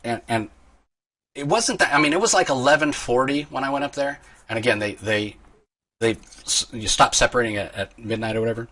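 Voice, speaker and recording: A man's voice: mid-range voice, fairly quick. A man hosting a podcast, telling a long, rambling story in casual chat. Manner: rambling, animated storyteller with restarts. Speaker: podcast host.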